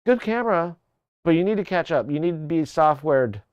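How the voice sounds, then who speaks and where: Joking man streaming live, smooth clear voice, dry close sound, mid pitch. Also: lively intonation, brisk, a little mellow, dry recording, muffled recording. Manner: chatty, joking, talks to his tracking camera. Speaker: livestream host. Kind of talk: casual chat to a livestream.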